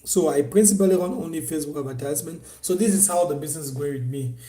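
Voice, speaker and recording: A man's voice: fairly high pitch, fast, warm tone, slight background noise. A man hosting a casual live stream, coaching viewers on online selling in a repetitive, persuasive way. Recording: echoey room.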